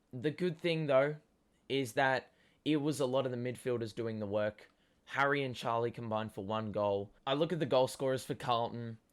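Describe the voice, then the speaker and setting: Aussie guy, lost his voice yelling, rambling footy review, mid pitch. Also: smooth. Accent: Australian. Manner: excitable fan talk with many ums. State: hoarse from cheering. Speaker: fan show host. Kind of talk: casual match review.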